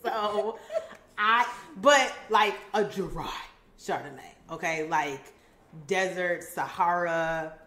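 A woman co-hosting a casual chat, talking in an animated, fast way with frequent laughter. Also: on the low side, reverberant. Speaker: co-host.

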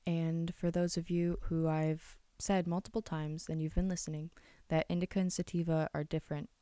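A young woman talks casually to her listeners, chatty and enthusiastic, slipping into little acted-out scenes. Her voice sits a little low and sounds smooth and clear. The sound is close and dry. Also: level tone, normal speed, mellow, dry recording. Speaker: podcast host. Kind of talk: casual solo podcast talk.

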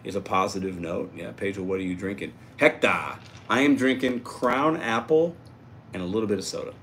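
A man's voice: fairly low pitch, normal speed, a bit bright, slight background noise. A man hosting a casual livestream, reading out and answering viewer comments in an upbeat, chatty way. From Puerto Rico. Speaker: livestream host reading chat.

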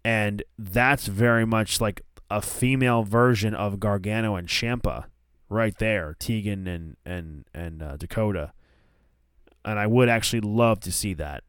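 A man hosting a wrestling talk show in casual opinion commentary, animated, with frequent restarts and acted-out quotes. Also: fairly low pitch, unhurried, clear, resonant tone, no echo, studio quality.

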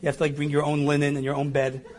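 A middle-aged man with a fairly high voice recounts a personal anecdote. He is animated and self-mocking, and he acts out his own lines as he tells it. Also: rapid-fire. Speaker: storyteller. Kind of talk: personal anecdote told to an audience.

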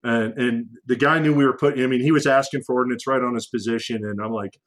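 A former fighter pilot, appearing as a guest, tells a story conversationally in a fast, medium-pitched voice with few pauses, raising his voice to act out radio calls. He uses lots of fillers and restarts, and the audio is poor.

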